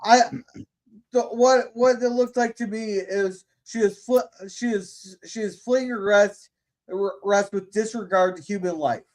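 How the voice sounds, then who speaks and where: A man's voice: sits high, fairly even intonation, measured pace, a little mellow. A man hosting a casual podcast, talking bluntly with lots of swearing and stumbling restarts. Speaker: podcast host. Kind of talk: casual opinionated chat.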